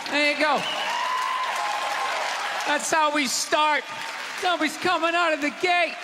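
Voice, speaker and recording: A man doing stand-up comedy on a large theater stage, ranting loudly, sarcastic and profane. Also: very high-pitched, fairly even intonation, unhurried. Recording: live theater reverb, crowd noise.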